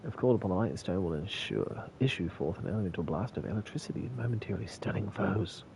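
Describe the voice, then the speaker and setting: A man's voice: sits low, animated, quick pace, vocal fry, a little mellow, a little hiss or hum. A man from New with a slight lisp, mumbling and laughing through casual, profane commentary as he streams a game. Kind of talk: casual live gameplay commentary.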